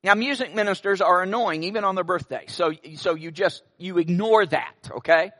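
A man's voice: high voice, moderate pace, a bit bright. A middle-aged male pastor preaching a sermon, telling stories with wry asides.

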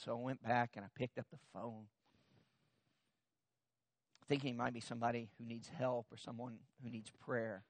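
A man's voice: mid-range voice, level tone, normal speed, long pauses, dry recording. A middle-aged man, a pastor, telling a personal story in a sermon in a conversational, self-deprecating way, with frequent restarts.

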